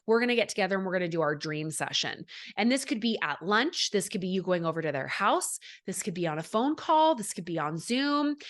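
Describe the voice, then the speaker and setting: A woman hosting a solo podcast, coaching in a chatty, upbeat way with many fillers, acting out the people she quotes. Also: mid-range voice. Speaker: podcast host and network marketing coach.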